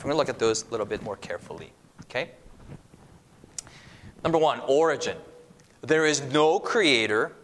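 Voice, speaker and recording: A man with a mid-range voice gives an animated teaching on religion at a church seminar. He performs the quoted voices himself and swings his intonation up and down to stress points.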